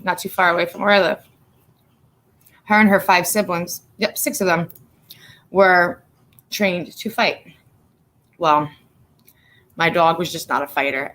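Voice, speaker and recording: A woman's voice: lowish voice, fairly bright tone. A blunt woman hosting her own livestream, telling stories with plenty of swearing and greeting viewers by name as they join. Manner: blunt, profane, talks straight to chat. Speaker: livestream host. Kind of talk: casual livestream chat.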